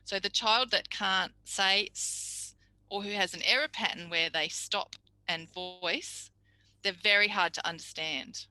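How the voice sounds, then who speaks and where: A woman's voice: medium pitch, measured pace, sharp tone, no room sound, low-quality recording. A woman teaching a speech pathology tutorial, chatty and explanatory, acting out examples. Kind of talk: recorded tutorial lecture.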